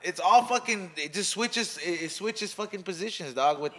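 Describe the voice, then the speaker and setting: A man with a high, bright voice hosting a laid-back podcast chat. He talks in loose slang and swears freely as he trades stories with friends. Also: expressive, normal speed. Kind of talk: casual chat.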